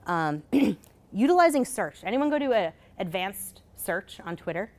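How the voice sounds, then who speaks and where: A woman giving a conference presentation in a casual, hurried way, full of fillers and asking "right?" as she goes. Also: medium pitch, sing-song, darkish tone. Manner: casual, many fillers, rhetorical "right?" tags; hurried, self-correcting. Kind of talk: live presentation. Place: conference session.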